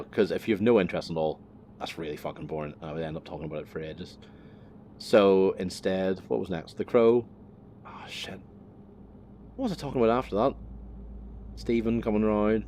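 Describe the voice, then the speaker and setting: A man's voice: lowish voice, darkish tone. A man vlogging as he drives, chatting in a loose, rambling way, swearing freely and poking fun at himself. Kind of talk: casual rambling chat. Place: driving a vehicle on the road.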